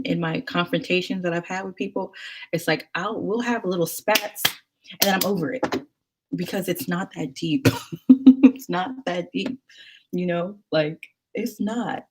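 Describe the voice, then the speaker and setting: A woman's voice: lowish voice, husky. A young woman vlogger telling a story in casual chat, acting out the people she quotes and laughing often.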